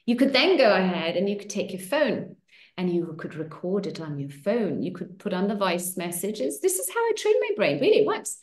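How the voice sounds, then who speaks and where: A woman hosting an online circle, coaching listeners warmly through affirmations with animated, encouraging delivery. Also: mid-range voice, normal speed, echoey room. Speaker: host of a women's money circle. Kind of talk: coaching talk to an online group.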